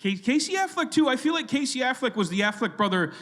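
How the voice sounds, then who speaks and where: A man in his thirties riffs through a live comedy podcast on stage, self-deprecating and quick with a joke. His voice sits high for a man and carries a long reverb from a big hall. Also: sing-song, a bit bright. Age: 30s. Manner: jokey, self-deprecating, riffing with the crowd. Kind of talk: live stand-up banter. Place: legion hall stage before a live audience.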